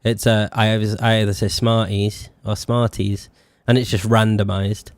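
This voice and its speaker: A man's voice: on the low side, flat delivery, moderate pace, dry recording. A young man with a Yorkshire accent, tinged with a Scottish and posh mix, chatting casually on a live stream, rambling and sweary with lots of fillers. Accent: Yorkshire, with a slight Scottish and posh mix. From northern England. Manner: rambling, sweary, laughs often, many fillers. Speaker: VTuber streamer.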